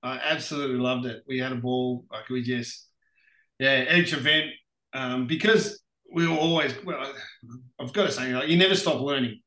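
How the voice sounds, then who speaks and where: An Australian man, a racing driver and podcast guest, telling lively anecdotes with frequent laughs. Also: medium pitch, normal speed. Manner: animated anecdotes, laughs often. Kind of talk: casual storytelling interview. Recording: roomy echoey room.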